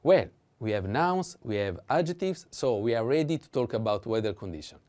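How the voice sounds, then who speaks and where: A man gives a language lesson, saying each word several times at a slow, patient pace. His voice sits at an everyday pitch with a mellow, dark tone, and he pauses often with small fillers. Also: lively intonation, a little hiss or hum. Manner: patient, repeats words slowly, frequent fillers. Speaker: Italian teacher.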